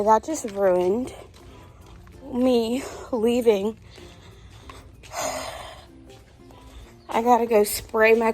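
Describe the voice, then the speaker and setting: A young woman vlogging casually to her viewers from her car, expressive and exasperated, calling them y'all. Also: fairly high pitch. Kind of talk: casual vlog talk to camera. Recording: background music under voice.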